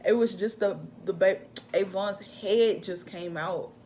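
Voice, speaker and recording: A young woman casually telling a personal story to camera in an animated, chatty way. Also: medium pitch, measured pace, slight background noise. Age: young adult. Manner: animated, chatty, acts out her own shouts in quotes. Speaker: vlogger telling a birth story.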